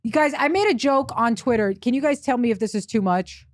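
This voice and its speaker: A young woman runs a comedy podcast with brash, joking banter and frequent laughter. Her voice sits fairly high. The sound is dry and close, with no room echo. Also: expressive, brisk. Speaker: podcast host.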